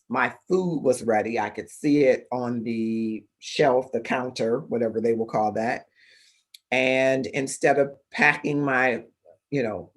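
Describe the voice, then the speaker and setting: A middle-aged man from Detroit hosts his own livestream and tells a story straight to the camera. His voice is husky and mid-pitched for a man. He talks deliberately, with fillers and small restarts. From Detroit, Michigan. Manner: conversational, deliberate, with fillers and self-corrections. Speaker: livestream show host. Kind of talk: casual storytelling monologue. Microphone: livestream microphone.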